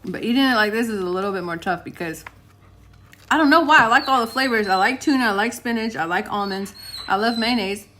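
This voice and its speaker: A woman's voice: medium pitch, fast talker, bright, forceful tone, slight background noise. A young woman, rambling casually to her vlog audience from home and laughing often. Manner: chatty, laughs often, talks to her dogs mid-sentence. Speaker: vlogger. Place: home, indoors.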